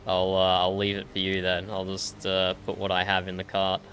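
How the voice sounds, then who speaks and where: Aussie guy chatting in a roleplay game, kinda low voice, laughs a lot. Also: monotone, normal speed, a bit bright, slight background noise. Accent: Australian. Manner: chatty, laughs often, repeats his own phrases. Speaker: roleplay streamer. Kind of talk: casual in-game roleplay chat.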